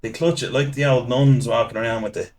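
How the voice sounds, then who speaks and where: A man's voice: medium pitch, fairly even intonation, fairly quick, a little mellow. A man hosting a podcast who talks conversationally, asking questions and riffing along with his guest. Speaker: podcast host. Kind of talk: casual podcast chat.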